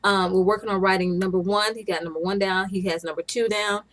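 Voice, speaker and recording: A woman's voice: medium pitch, fairly even intonation, fast, fairly bright tone. A young woman, a stay-at-home mom, chatting casually to camera in a rambling way, often restarting her sentences.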